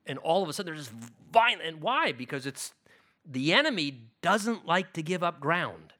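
A middle-aged male pastor delivers a sermon in a high, lively voice. His tone is bright and sharp, and he swings between emphatic lines and hushed asides. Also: moderate pace.

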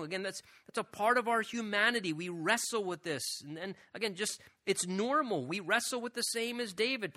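A man's voice: high voice, bright, forceful tone. A man preaching a sermon as a pastor, speaking earnestly and often repeating "again" and asking "right?".

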